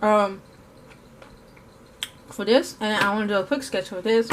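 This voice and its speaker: A woman with a medium-pitched voice talks in an unhurried way against a noisy background. Her art vlog chat is casual and rambling, packed with fillers and self-corrections, and sometimes she's eating as she talks.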